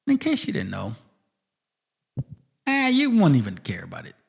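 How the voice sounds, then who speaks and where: A man's voice: mid-range voice, huge pitch swings, normal speed, creaky, husky. A man hosting his channel, ranting in a confrontational, profane monologue aimed directly at people. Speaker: channel host.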